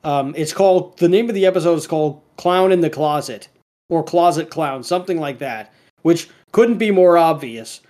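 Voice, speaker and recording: A man's voice: fairly high pitch, moderate pace, a little mellow. A man in casual podcast chat, rambling through a cartoon episode with lots of fillers and restarts.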